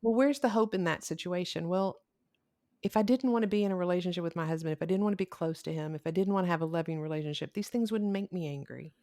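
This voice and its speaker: A middle-aged woman, a couples counselor hosting a podcast, telling stories in a candid, animated way. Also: lowish voice, fast talker. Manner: animated storyteller, candid and expressive. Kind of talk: casual conversational podcast.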